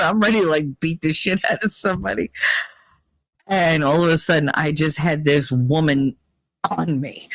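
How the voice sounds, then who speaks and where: A woman hosting a casual storytelling monologue, blunt and profane, with Italian-American family roots, who acts out other people's voices in high squeals. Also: no room sound. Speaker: podcast host.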